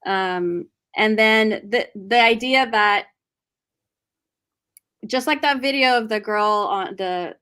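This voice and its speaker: A woman's voice: mid-range voice, takes it slowly, long pauses, fairly bright tone, clear, resonant tone. A woman hosting a live book discussion, reading out viewer comments in a chatty way. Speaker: host.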